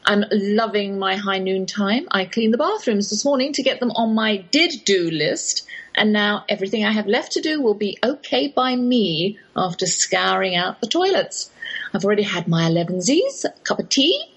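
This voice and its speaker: English lady radio host, kinda husky, rambles on chatty like with little prayers thrown in. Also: mid-range voice, sing-song, normal speed, poor audio. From England. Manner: rambling, anecdotal, devotional asides.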